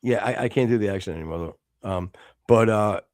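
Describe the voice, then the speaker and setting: A man's voice: fairly low pitch, brisk, a little mellow, no echo, studio quality. A man co-hosting a casual podcast stream, joking crudely, laughing often and stammering. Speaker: podcast co-host. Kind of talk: casual live-stream chat.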